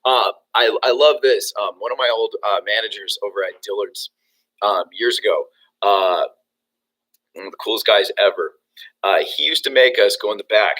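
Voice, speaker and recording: A young man coaching real estate agents in a lively motivational talk. His voice is bright and sharp, and he restarts sentences often with lots of ums and you-knows. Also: on the low side, moderate pace, rough recording. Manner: energetic, acts out phone calls, many fillers and restarts.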